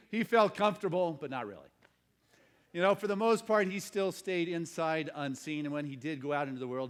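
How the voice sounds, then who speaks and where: A man, a minister, preaching a sermon and telling a parable as a story, moving from hushed passages to emphatic ones. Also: medium pitch.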